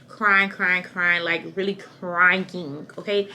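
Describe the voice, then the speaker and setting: Bright-voiced young woman chatting candidly. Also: medium pitch, normal speed, slight background noise. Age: young adult. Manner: chatty, candid, rambling with repeats. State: pregnant. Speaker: vlogger. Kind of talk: casual pregnancy update to camera.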